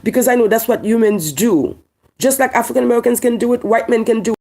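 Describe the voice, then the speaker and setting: A woman's voice: a little high, fast, mellow. A woman from Haiti with a Haitian accent, speaking to camera in a heated monologue. She talks emphatically, repeating lines and firing rhetorical questions. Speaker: online commentator.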